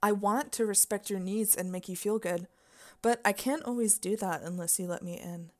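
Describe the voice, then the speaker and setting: A woman in a whispered role-play as a dominant partner, talking softly and teasingly and giving commands, often dropping into whispers. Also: mid-range voice, steady tone, normal speed.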